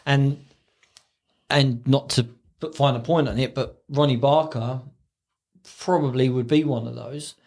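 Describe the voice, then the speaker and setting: A man co-hosting a casual podcast chat, telling stories animatedly and acting out quotes in a high voice. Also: steady tone, a little slow, long pauses, darkish tone. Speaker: podcast co-host.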